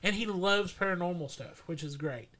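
A man's voice: high-pitched, normal speed, bright, forceful tone. A man hosting a casual podcast, talking in a rambling, chatty way and laughing often. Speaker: podcast host.

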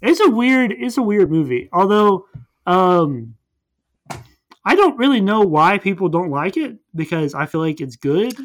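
A young man casually recapping a movie plot in a rambling, animated way, jumping into quick voices for the characters. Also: sits high.

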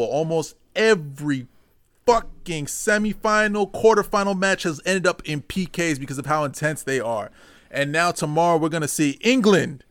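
A man co-hosting a podcast in casual chat, excitable and loose, swearing and tripping over names. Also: fairly high pitch, no room sound. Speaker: podcast co-host.

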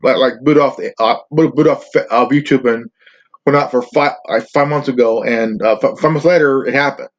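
A man hosting his own channel delivers a ranting vlog, cursing, rambling and stammering. His mid-range voice keeps a steady tone at normal speed, and the recording is dull and lo-fi.

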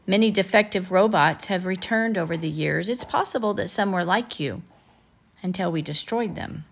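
A blunt storybook scientist who builds robots talks in a matter-of-fact tone, as a woman reads her lines. The voice is lowish and plain. She sounds direct rather than warm. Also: moderate pace, creaky, breathy edge. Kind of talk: reading a storybook aloud.

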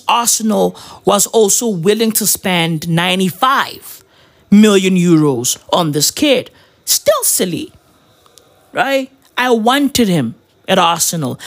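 Slangy, swearing football fan ranting. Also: male voice, high-pitched. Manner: animated, slangy, swearing, repeats "right?" and "bruv". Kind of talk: casual football rant.

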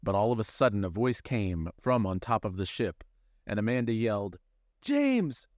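Low-voiced man reading a sci-fi story, lively delivery, dry close sound. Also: fairly quick, dry recording. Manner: expressive reading aloud. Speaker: narrator. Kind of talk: scripted story narration.

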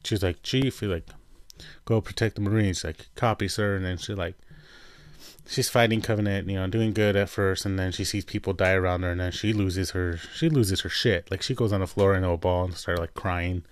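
A man casually recapping a TV episode, chatty and full of fillers, acting out characters' lines in quick voices. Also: low voice, fairly even intonation, clear, resonant tone, no echo. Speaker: show reviewer.

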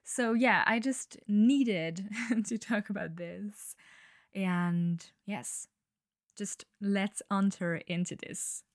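Slow-talking young woman, dry close sound. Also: medium pitch, dry recording. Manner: slow, breathy-edged, laughing and swearing freely. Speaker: podcast host. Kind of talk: casual solo podcast monologue.

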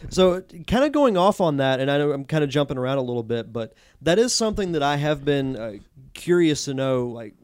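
A man's voice: on the high side, very animated, a little fast, a little mellow, clean tone. A man hosting a podcast, asking a guest casual, rambling questions. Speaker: podcast host. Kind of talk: interview questions.

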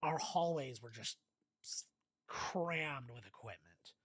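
A man's voice: medium pitch, slow pace, fairly bright tone, no echo. A man co-hosting a casual movie commentary, telling rambling anecdotes full of fillers and swearing. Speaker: podcast co-host.

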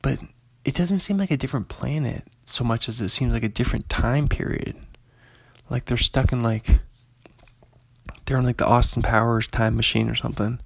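Gravelly-voiced chatty young man. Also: medium pitch, moderate pace, dry recording. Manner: chatty, digressive, laughs often, reads listings aloud. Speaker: commentator reviewing an actor's films. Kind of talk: casual rambling commentary.

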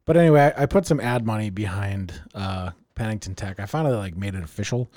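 A man's voice: fairly low pitch, quick pace, a little mellow, no echo. A man hosting a podcast in casual chat, rambling along, swearing freely and laughing often. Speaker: podcast host.

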